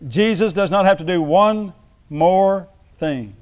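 A man preaching a sermon in a church, joking with the congregation and building to emphatic, shouted lines. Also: sits high, takes it slowly.

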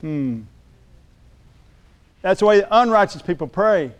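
Preacher guy in a church, high clear voice, jokes around then gets loud and emphatic. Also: animated, normal speed. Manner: jokes with the congregation, rises to emphatic shouts. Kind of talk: sermon.

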